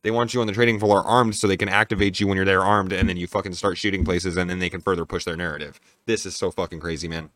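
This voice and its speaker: A man's voice: low voice, steady tone, quick pace, few pauses, fairly bright tone, no room sound, studio quality. A young man reading an email aloud and breaking off into profane, incredulous comments. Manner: profane, incredulous asides between read passages. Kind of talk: casual reaction commentary with read-aloud passages.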